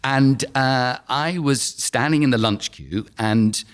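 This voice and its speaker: Slow and smooth, this medium-pitched male voice belongs to a fifty-something actor with a London accent. As a podcast guest, he shares stories in a casual anecdotal chat, laughing along the way.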